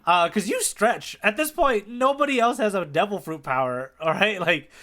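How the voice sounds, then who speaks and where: A man co-hosting a podcast, easygoing and agreeable in casual chat, quick to laugh. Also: high-pitched, lively intonation, bright, forceful tone. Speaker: podcast co-host.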